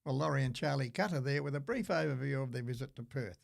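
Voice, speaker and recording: A male show host giving a scripted outro in a measured, announcer-like way. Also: medium pitch, gravelly.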